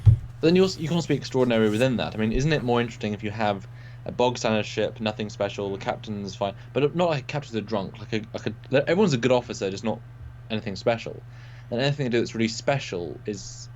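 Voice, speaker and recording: A man's voice: lowish voice, a little mellow. Rambly guy on a livestream, kinda dull audio w/ a faint hum. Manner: rambling, chatty, restarts often. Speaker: co-host. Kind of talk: casual livestream chat. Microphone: desk mic at computer.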